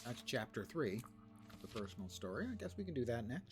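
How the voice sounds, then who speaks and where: A man's voice: medium pitch, big pitch swings, quick pace. A man streaming an online game, making wry, joking asides about his loot and the story as he plays. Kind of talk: casual gameplay commentary. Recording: streamed voice over game music.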